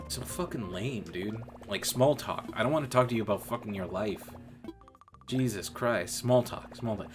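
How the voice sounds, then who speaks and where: Low-voiced young man ranting profanely. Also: normal speed. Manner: profane, venting, bitter. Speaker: streamer. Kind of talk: casual rant. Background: music.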